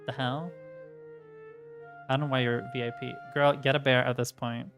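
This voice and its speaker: A woman's voice: very deep voice, normal speed, dull audio. A woman livestreaming and chatting casually with her chat. She rants, swears and shoots her voice up when she is worked up. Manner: ranting, swearing, reacting to chat; animated, voice jumps up when worked up. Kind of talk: casual chat while streaming. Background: faint music.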